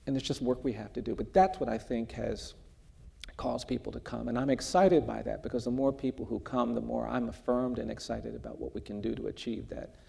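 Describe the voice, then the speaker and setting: A man speaking as a guest in an onstage conversation, telling a story in a measured, earnest way before an audience in a large hall. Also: medium pitch, vocal fry, warm tone, breathy edge. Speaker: guest speaker, justice advocate. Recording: long hall reverb.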